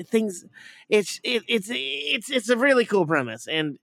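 A man with a slightly high voice talks loosely on a podcast, cursing freely and stacking up fillers as he goes. The sound is dry and close, with no room in it. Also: big pitch swings, slow, vocal fry, fairly bright tone, dry recording. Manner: rambling, profane, full of fillers. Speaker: podcast co-host reviewing a movie. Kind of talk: casual chat.

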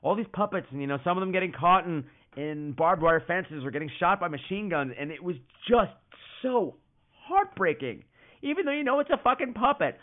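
A man hosting a podcast, telling stories in a profane, animated way. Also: high voice, a little fast. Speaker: podcast host. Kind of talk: casual comedic monologue. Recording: tinny phone-like sound.

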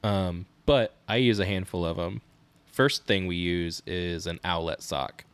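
Deep-voiced man telling animated stories. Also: unhurried, smooth. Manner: animated storytelling with laughs. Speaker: podcast co-host. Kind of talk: casual chat.

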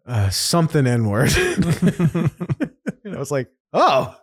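A man hosting a casual podcast, retelling a story with a lively, swooping voice. He laughs often between lines, and his pitch sits mid-range for a man. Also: slow. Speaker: podcast host. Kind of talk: casual chat.

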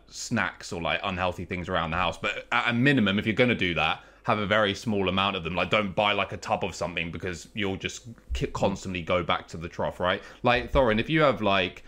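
A man's voice: low voice, sharp tone. A man who is a regular guest on a talk show, rambling and self-mocking in casual chat.

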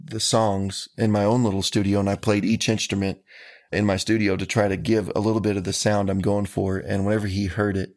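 A man, a country musician, answering interview questions in an earnest, folksy, measured way. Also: lowish voice, level tone, darkish tone.

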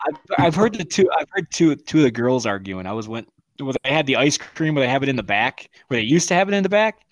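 A man co-hosting a podcast in casual chat, animated and swearing often. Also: mid-range voice. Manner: animated, swearing, quick to act out voices. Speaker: podcast co-host.

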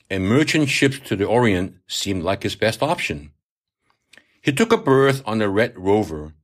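A man, the author, reading a historical novel aloud in measured narration. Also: lowish voice. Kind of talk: audiobook reading.

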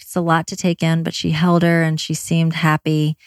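A woman candidly telling her own birth story, quick and blunt, with swearing and many fillers. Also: deep voice, flat delivery, dry recording, clean studio sound. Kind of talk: personal storytelling.

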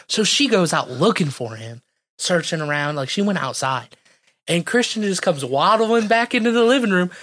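During a casual podcast chat, a young man with a slightly high voice tells a story in an animated, profane way, acting out what people said. There's no echo on the recording.

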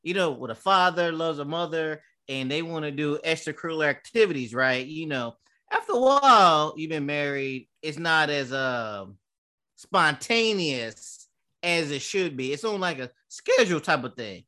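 A man's voice: a little high, animated, normal speed, pushed and bright. A man in his thirties co-hosting a podcast, telling stories in a loose, profane way with lots of fillers. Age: 30s. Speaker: podcast co-host. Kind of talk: casual chat.

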